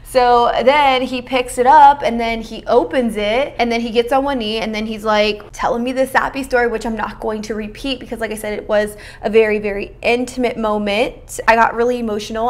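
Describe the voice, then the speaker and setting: Young female beauty vlogger, slightly high voice, casual chatty delivery while doing makeup. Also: fairly even intonation, moderate pace, few pauses. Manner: chatty and informal, with lots of "like" and "you know" fillers and slang.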